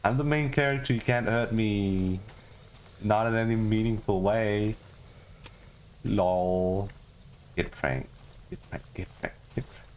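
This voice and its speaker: A man from Denmark giving goofy, casual commentary on a game he is playing, talking to the characters and jumping into high squeals. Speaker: gaming streamer.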